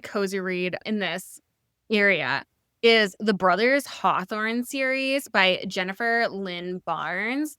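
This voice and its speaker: A woman co-hosting a podcast, chatting enthusiastically about books in quick casual bursts, with the odd swear. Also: mid-range voice, a bit bright, smooth, no room sound, clean studio sound. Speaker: podcast co-host.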